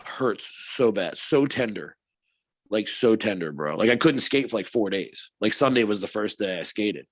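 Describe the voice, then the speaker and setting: Brief: male podcast co-host, animated storyteller, salty and laughing, dry close mic. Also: lowish voice, normal speed, no echo. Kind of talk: casual chat.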